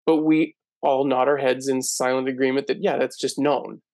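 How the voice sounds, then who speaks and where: A man's voice: mid-range voice, flat delivery, moderate pace, a little mellow, no echo. A man hosting a casual interview, asking long, thoughtful, winding questions. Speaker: host.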